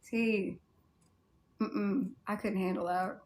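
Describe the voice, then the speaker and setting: A woman's voice: mid-range voice, fairly even intonation, slow pace, a little mellow. A woman with a Southern US accent chatting casually on a livestream, answering viewer comments in a candid way with mild swearing. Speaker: cosplay livestreamer.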